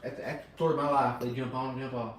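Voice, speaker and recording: A man's voice: mid-range voice, little pitch movement, quick pace, low-quality recording. A man who works as a fabricator, cracking jokes in laid-back slang as co-host of a live stream. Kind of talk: casual live-stream banter.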